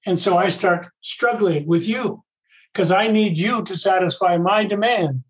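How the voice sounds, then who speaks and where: A man's voice: sits high, measured pace, low-quality recording. A man giving a casual, conversational talk on a recovery program, often repeating himself and voicing his own inner thoughts aloud.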